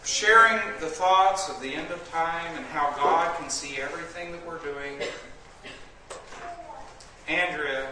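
A man preaching a fervent sermon, swinging from loud declaiming to low, intense warnings. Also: slow, pauses often, a crowd in the background. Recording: echoey room, far from the mic, noisy.

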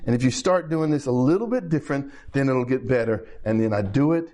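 A man's voice: mid-range voice, expressive, brisk, mellow. A man preaching a sermon in a conversational way, checking in with the congregation and repeating phrases as he builds his points.

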